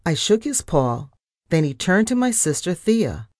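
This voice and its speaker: A woman reading a children's story in an unhurried, lively way, her low voice moving a lot. The sound is dry and close. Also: no room sound. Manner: animated reading, first-person narration.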